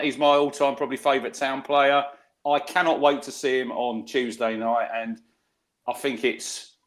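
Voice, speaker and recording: Man, middle-aged, chatty co-host, anecdote-driven, filler-heavy delivery. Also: mid-range voice. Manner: chatty storyteller, lively anecdotes, many fillers. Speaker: podcast co-host. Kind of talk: casual football chat.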